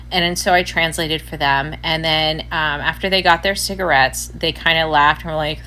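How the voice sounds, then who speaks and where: A woman's voice: fairly low pitch, fairly quick, few pauses. A woman telling a funny anecdote to the camera, acting out the people in it. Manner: lively, acts out the people in her story. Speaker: storyteller.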